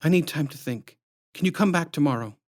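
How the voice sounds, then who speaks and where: A man's voice: on the high side, animated, a little fast, darkish tone, voice pushed up, close to an everyday voice. A man reading a storybook aloud, voicing a worried, flustered mother in an anxious, hesitant tone.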